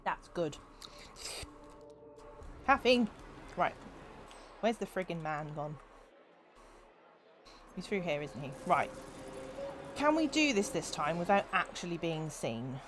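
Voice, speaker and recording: A woman's voice: on the low side, very animated, slow pace, pauses often, noisy background. A young woman streaming a video game, chatting and giggling with her viewers as she plays. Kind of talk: casual gameplay commentary.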